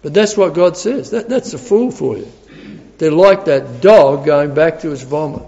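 A man's voice: a little high, animated, normal speed, gravelly, mellow. A man preaching a sermon, earnest and emphatic, often repeating his key words. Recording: dull recording with long hall reverb.

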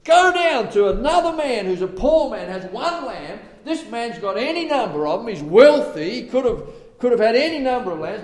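A man's voice: sits high, very animated, moderate pace. Male preacher, conversational asides, dramatic dynamics, ringing hall reverb. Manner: dramatic swings from loud outbursts to hushed tones; conversational asides between scripture quotes. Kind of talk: sermon. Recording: long reverb of a large hall.

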